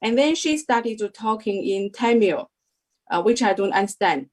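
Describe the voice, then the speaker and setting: A young woman telling her story as a guest, slowly and hesitantly, in careful non-native English with many pauses and fillers. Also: medium pitch, animated, a little mellow. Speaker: guest sharing a testimony. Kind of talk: casual spoken testimony.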